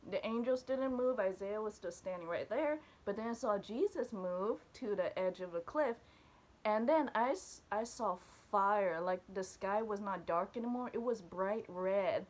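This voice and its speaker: A woman casually recounting a dream to viewers, animated and chatty, with many fillers and restarts. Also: medium pitch. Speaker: church video speaker. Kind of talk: casual testimony about a dream.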